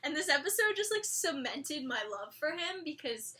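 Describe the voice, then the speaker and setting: A young woman casually reviewing a TV episode in a chatty vlog, animated, with many "like"s and frequent laughter. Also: sits high, moderate pace.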